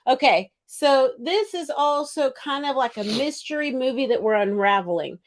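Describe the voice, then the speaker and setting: A woman co-hosting a movie review podcast, chatting casually and trading quick remarks with her partner. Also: high voice, expressive. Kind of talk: casual chat.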